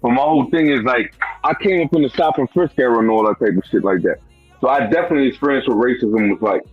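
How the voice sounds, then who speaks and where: A guest from Brooklyn, New York, tells a personal story in a casual, profane, streetwise style packed with "bro" and "you know what I'm saying." His medium-pitched voice is quick with a breathy edge, recorded dry with narrow, tinny audio and faint music behind.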